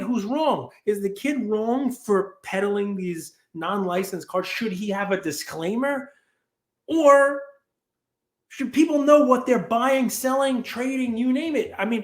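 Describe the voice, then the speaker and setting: A man's voice: high voice, echoey room. A man hosting a podcast, telling a story casually and acting out the people in it. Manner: animated, acts out quoted people. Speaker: podcast host.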